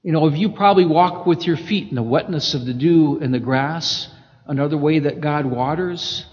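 A man preaching a sermon, reading scripture and swinging between loud emphasis and hushed passages. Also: a little high, moderate pace. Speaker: pastor. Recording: echoey hall, dull lo-fi sound.

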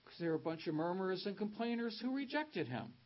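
A man's voice: high voice, very animated, quick pace. A man preaching a sermon, stressing key words and reading scripture aloud with rising emphasis. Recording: dull lo-fi sound.

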